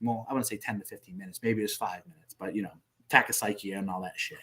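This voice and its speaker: A man's voice: lowish voice, quick pace. A male military veteran on a podcast, retelling combat in a casual, profane and vivid way. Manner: profane, vivid, animated retelling with sound effects. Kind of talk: casual war storytelling.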